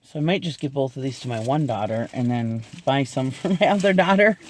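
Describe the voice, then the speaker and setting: A man's voice: medium pitch, expressive, brisk. A middle-aged man chatting casually in an unboxing video, gushing and laughing often as he talks. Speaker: unboxing vlogger.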